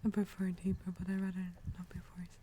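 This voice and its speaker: A woman whispering softly in an ASMR livestream, greeting viewers and answering chat, often sinking into a relaxed, lower voice. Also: fast, slight background noise. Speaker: livestream host.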